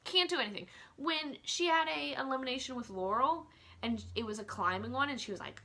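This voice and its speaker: A woman with a bright, sharp voice rants casually into her phone. She is chatty and opinionated, with plenty of "like" and "um" along the way. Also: on the high side, fairly quick. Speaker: vlogger. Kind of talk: casual rant.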